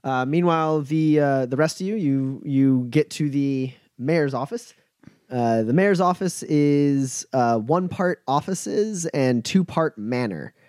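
A man serving as game master, narrating a tabletop game in a relaxed way full of fillers. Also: on the high side, slow, no room sound, studio quality.

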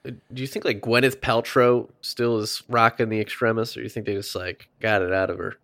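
A man with a fairly low voice co-hosts a podcast, recapping a TV episode from his notes in a loose, casual way. He laughs easily and tosses in offhand asides. The sound is close and dry, with almost no room. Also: steady tone, normal speed, creaky, a bit bright, no room sound. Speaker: podcast co-host.

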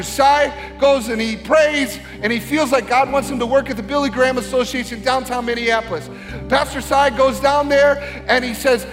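A middle-aged pastor delivers an earnest sermon in a very high voice. His words ring out in a large church sanctuary with a long, trailing reverb. Faint music sits underneath. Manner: earnest, building to shouted exhortation.

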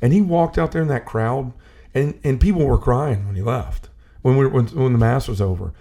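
A man's voice: medium pitch, normal speed, gravelly, dark tone. A man talking earnestly in a casual conversation about faith, telling stories and often restarting his sentences. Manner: earnest storyteller, restarts and repeats himself.

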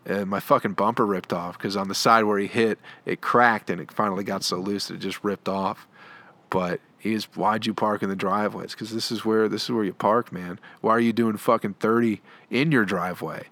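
A man's voice: fairly low pitch, fairly even intonation, moderate pace, a bit bright. A young adult man on a comedy podcast, telling a long story in a rambling, profane, laid-back way. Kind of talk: storytelling monologue.

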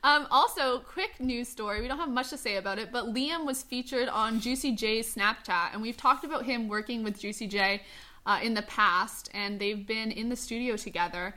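A woman's voice: on the high side, moderate pace, pushed and bright. A young woman hosting a casual fan podcast, chatty and full of fillers. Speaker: host.

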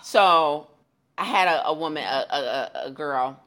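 A podcast co-host with a deep, slightly bright voice chats casually at a somewhat slow pace, laughing often.

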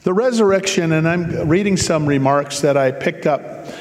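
Preacher man with a slightly high voice. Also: normal speed, in a large hall. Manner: casual, joking asides between scripture readings. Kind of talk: sermon, reading and explaining scripture.

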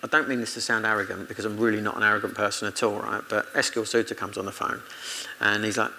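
Fast-talking and level in tone, this British man with a lowish, pushed, bright voice recounts his motorcycle racing days through chatty, laughing anecdotes and self-quoted dialogue. The low-quality recording has slight background noise.

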